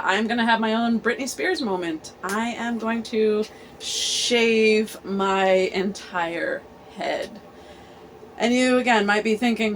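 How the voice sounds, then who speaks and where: Woman in her 40s doing a heartfelt vlog confession, halting, lots of ums, faint hiss behind. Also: mid-range voice, a bit bright, poor audio. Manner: earnest, halting, full of fillers and restarts. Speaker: host. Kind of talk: candid personal vlog confession.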